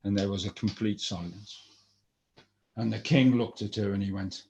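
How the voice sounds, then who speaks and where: A man's voice: fairly low pitch, steady tone, moderate pace, gravelly, darkish tone. Chatty male folktale storyteller. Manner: chatty, rambling, with asides. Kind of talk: oral folktale telling.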